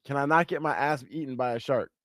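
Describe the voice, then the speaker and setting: A man's voice: mid-range voice, fast, a bit bright, no room sound. A young man co-hosting a podcast, joking around in casual chat and laughing often. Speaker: podcast co-host.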